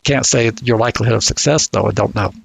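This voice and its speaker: A man with a Southern drawl, talking through legal questions on a podcast in a deliberate, halting way with many restarts. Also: medium pitch, vocal fry, slight background noise, low-quality recording. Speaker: legal commentator. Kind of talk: casual podcast discussion.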